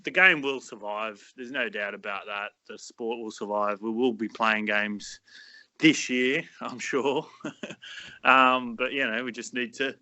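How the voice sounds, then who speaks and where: Bright, dry-sounding man chatting casually. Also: mid-range voice, measured pace, no echo. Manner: relaxed, joking, hesitant with many fillers. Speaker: podcast guest. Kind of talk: casual podcast chat.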